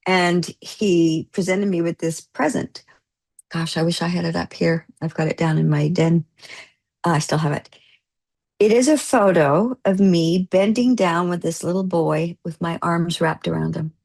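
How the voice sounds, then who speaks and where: A middle-aged woman, an actor guest, telling an emotional story in an interview, gushing and tearful, her voice climbing high when moved. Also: unhurried, vocal fry, darkish tone.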